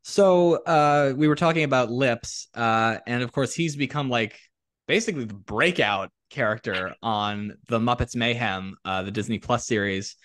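A man's voice: medium pitch, moderate pace, a bit bright, dry recording. A man hosting a casual interview, asking long, winding questions full of fillers. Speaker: podcast host.

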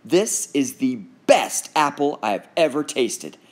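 A man voicing a cheerful, bold young girl with a playful, bright way of talking. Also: medium pitch, expressive, takes it slowly.

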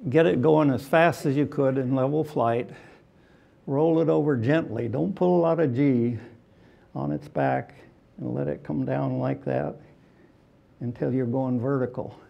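Gravelly older man telling stories. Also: medium pitch, mellow, highs cut off. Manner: halting, many fillers, chuckles between anecdotes. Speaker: retired fighter pilot guest. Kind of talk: onstage interview storytelling.

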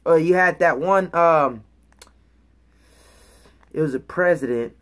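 A woman's voice: low-pitched, takes it slowly. A woman teaching the Bible in an emphatic preaching style, reading verses aloud and checking in with her listeners after each point. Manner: emphatic, checks in with "okay?" and "all right?"; reads scripture aloud and explains words.

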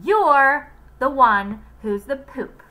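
A woman reading aloud as a bold, exasperated schoolgirl who shouts and demands answers. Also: mid-range voice, very animated, takes it slowly, heavily acted.

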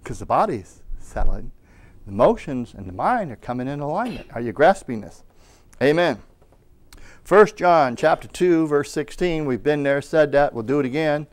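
A man's voice: a little high, animated, moderate pace. A man preaching a Bible school class, exhorting his listeners, calling for amens and reading scripture aloud. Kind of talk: sermon.

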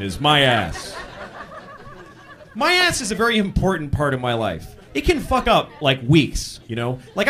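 A male comedian telling stories in a stand-up set, shouting out the lines of people he acts out. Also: high voice. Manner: animated storytelling, shouting acted-out quotes. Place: comedy stage. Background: audience laughter.

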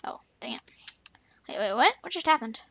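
A woman's voice: a little high, animated, moderate pace, a bit bright, muffled recording. A young woman casually commenting on her gameplay, playful and chatty, repeating teasing taunts. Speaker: gaming channel host.

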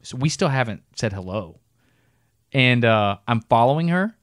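A middle-aged man spins a story on a podcast, animated and quick to laugh. His voice sits in an ordinary middle range. The studio sound is close and dry, with no room echo. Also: mid-range voice. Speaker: podcast co-host. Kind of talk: casual storytelling chat.

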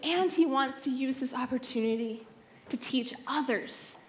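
A young woman with a high, bright voice preaches a sermon from a youth conference stage, reading scripture and retelling it as a story. At a measured, warm, personal pace, she shifts between lively, playful asides and soft, almost hushed moments, with a little hiss or hum in the recording.

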